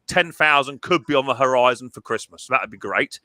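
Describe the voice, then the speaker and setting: A man's voice: medium pitch, expressive, a little fast, pushed and bright, no echo, rough recording. A middle-aged man hosting a casual live stream chat, chatty and often stumbling over repeated words.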